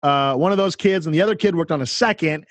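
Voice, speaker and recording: Guy on a podcast, pretty high voice, dry close sound, gets all worked up telling his story and doing the other people's lines. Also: quick pace, no echo. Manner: excited, animated storyteller acting out dialogue. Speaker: podcast co-host, counselor. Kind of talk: casual chat, storytelling.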